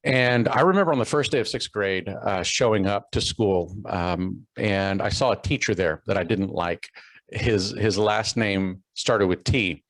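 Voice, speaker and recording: A man's voice: fairly low pitch, a little slow, no echo, poor audio. A middle-aged man from Texas giving a keynote talk, telling a personal story with many fillers and restarts. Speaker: keynote speaker.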